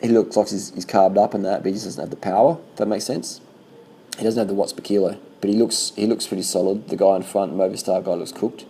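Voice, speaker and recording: A man casually commenting on bike race footage as a vlogger, swearing freely and talking in loose animated bursts. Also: lowish voice, fast talker, a little hiss or hum, low-quality recording.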